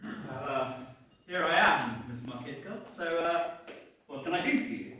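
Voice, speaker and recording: An actor playing a polite, cautious village mayor who speaks hesitantly, recorded from far off in an echoey theater. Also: male voice, fairly high pitch, lively intonation, bright, forceful tone, a little hiss or hum. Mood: measured. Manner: hesitant, measured. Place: theater stage.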